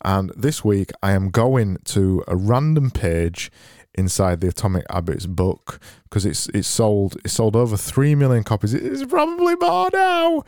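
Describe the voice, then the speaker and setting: A man hosting a solo comedy podcast, rambling deadpan and mocking himself, into a boom-arm mic. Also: unhurried, no room sound, clean studio sound. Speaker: podcast host.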